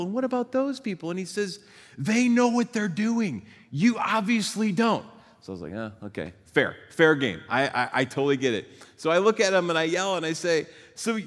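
A man's voice: mid-range voice, fairly bright tone. A male pastor preaching a sermon, telling a self-deprecating story and acting out the dialogue. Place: church auditorium. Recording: long hall reverb.

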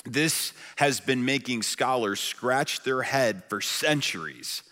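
Guy preaching a sermon, lively storyteller, church hall echo hanging off every line. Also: mid-range voice, takes it slowly. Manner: animated storytelling, rising loud in acted questions. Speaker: pastor.

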